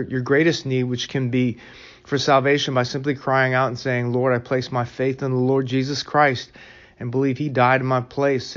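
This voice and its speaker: A man hosting a devotional podcast talks earnestly to his listeners, leading them gently into reflection and prayer. His voice sits at an ordinary middle pitch. The audio sounds a little dull and muffled. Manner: earnest, pastoral, addresses listeners as friends. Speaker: podcast host.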